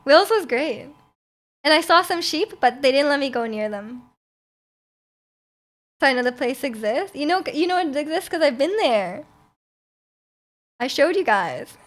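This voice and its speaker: Giggly high-voiced woman. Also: expressive, unhurried, pauses often. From Canada. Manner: giggly, chatty, reads and answers chat aloud. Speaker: livestreamer. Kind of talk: casual chat with viewers.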